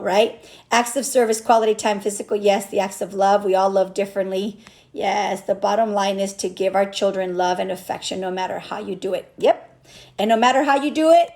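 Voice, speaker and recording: A woman in her thirties, a business owner and mother, talking candidly and a bit rambling in a personal vlog, with lots of restarts. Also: fairly high pitch. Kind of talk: emotional personal vlog talk.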